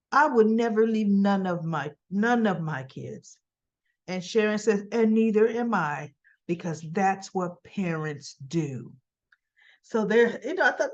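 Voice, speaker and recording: A woman in a casual recap monologue, talking at an unhurried, drawn-out pace. She retells scenes with quoted lines and throws in her own asides. The recording sounds dull and lo-fi. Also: fairly low pitch. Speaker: soap opera recap host.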